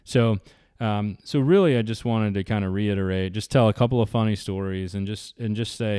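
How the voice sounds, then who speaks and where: A man's voice: on the low side, moderate pace, warm tone, smooth, no room sound, studio quality. A man, telling rambling travel stories to camera in a casual, chatty way. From Southeastern United States. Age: 40s. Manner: rambling, chatty, with many restarts and fillers. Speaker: vlogger. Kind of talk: casual storytelling.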